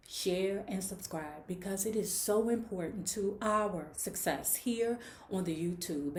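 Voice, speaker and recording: Woman, book club host, chatty and frank, mid-pitched voice, roomy echo. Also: warm tone. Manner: chatty, frank, frequent "okay?". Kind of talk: casual read-along with commentary.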